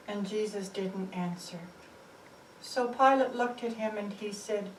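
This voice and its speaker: A woman telling a Bible story slowly and expressively, with dramatic rises and drops. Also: mid-range voice, steady tone, a little mellow, a little hiss or hum. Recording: roomy, distant mic, faint ambience.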